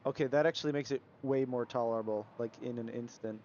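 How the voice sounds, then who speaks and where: A man's voice: mid-range voice, steady tone, fast, darkish tone, lo-fi sound, a little hiss or hum. A man livestreaming a building game, thinking aloud in a musing, casual way as he tries out changes. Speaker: gaming livestreamer. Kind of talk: casual gameplay commentary.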